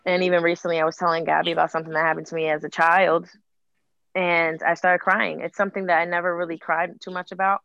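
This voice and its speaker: A woman's voice: on the low side, quick pace, creaky, no echo, dull audio. A woman in her late twenties talking candidly and openly in conversation, telling stories with acted-out quotes. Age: late 20s. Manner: open, animated storytelling with acted quotes.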